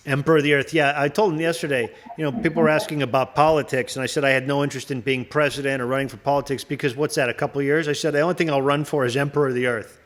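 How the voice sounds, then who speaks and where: A man's voice: fairly high pitch, fast, fairly bright tone. A man hosting a casual chat, riffing in a rambling, profane way and laughing often. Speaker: host.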